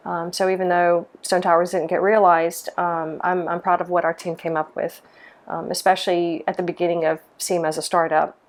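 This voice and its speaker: A woman's voice: on the low side, little pitch movement, normal speed. A middle-aged woman from Mississippi, a lighting designer, answering interview questions in a thoughtful way, with many ums and restarts. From Mississippi, USA.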